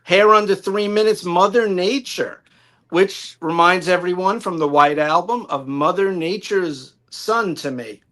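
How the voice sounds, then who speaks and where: A man with a high voice and a light New York accent gives a prepared album review on a live stream. He reads from his notes in a detailed, enthusiastic way over a home microphone. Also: a little slow, fairly bright tone.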